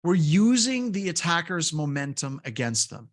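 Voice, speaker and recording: A middle-aged man teaching a security course speaks at a moderate pace in a sing-song voice on the high side. As a course instructor giving a lecture with anecdotes, he tells a loose story between points, casual and rambling, full of fillers.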